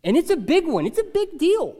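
A man's voice: very high-pitched, huge pitch swings, a little fast, mellow, big-room sound, voice pushed up, heavily acted. A man voicing a grumbling churchgoer who pleads and protests in an exasperated way. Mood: indignant. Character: whiny complaining churchgoer, adult man.

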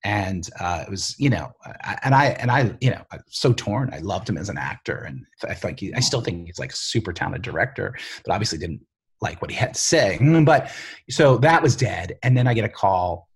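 A man with a low, husky voice tells stories from his career as a television writer. He rambles in an animated way, leaning on "like" and "you know" constantly. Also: fairly quick. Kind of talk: casual storytelling interview.

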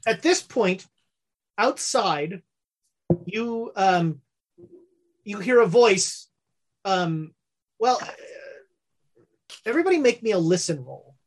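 Slow-paced woman game master. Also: medium pitch, animated. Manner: unhurried, many fillers. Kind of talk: narrating a tabletop game.

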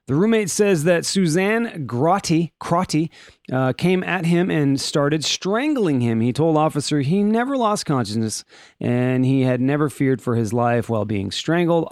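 A middle-aged man hosts a comedy news podcast with a lively voice that swoops up and down. His pitch sits a bit high for a man. He is recorded close to a dry microphone. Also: no room sound. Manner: joking, animated, puts on silly voices for quotes. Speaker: podcast host. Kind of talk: casual comedic news chat.

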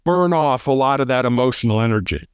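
A man who is a former SWAT hostage negotiator, talking fast in an interview and often restarting with repeated words. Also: medium pitch, animated, smooth, dry recording. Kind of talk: casual interview storytelling.

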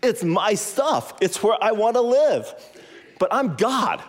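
A man's voice: high-pitched, sing-song, slow, pitched above the performer's own voice, heavily acted. A man voicing God as a proud king who is delighted with what he made and wants to hire someone to run it.

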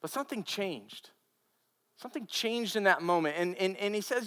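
A pastor delivers his sermon as an earnest storyteller. His voice sits somewhat high for a man, and he often restarts and repeats phrases for emphasis. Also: expressive, normal speed, sharp tone.

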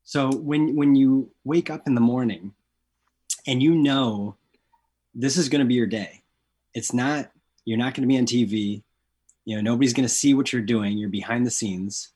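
A man's voice: medium pitch, moderate pace, darkish tone, slightly rough. A man hosting an interview, asking friendly questions with hesitant restarts. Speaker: interview host.

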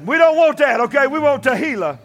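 A male pastor preaching a sermon, often shouting and leading call-and-response with the congregation. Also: very high voice, lively intonation, brisk, faint music behind. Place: church.

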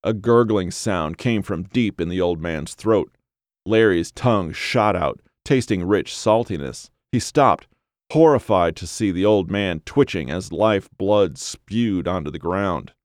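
A man reading a scripted horror story aloud in a measured, grim, dramatic way. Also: low-pitched, lively intonation, no echo, clean studio sound. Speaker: narrator.

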